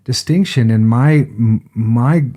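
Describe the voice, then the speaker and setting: A middle-aged man, co-host of a podcast, telling a personal story in a relaxed, conversational way and acting out the voices of the people in it. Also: mid-range voice, takes it slowly. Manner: animated storyteller, acts out quoted voices, frequent restarts.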